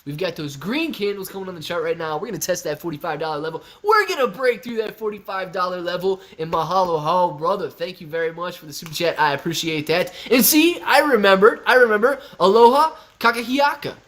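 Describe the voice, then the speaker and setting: A man's voice: high voice, animated, fast talker, few pauses, a bit bright. Upbeat bro-ish young man streaming. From Ohio, USA. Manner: upbeat, loose and bro-ish, reads chat aloud. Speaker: livestream host answering chat. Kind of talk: casual live stream chat.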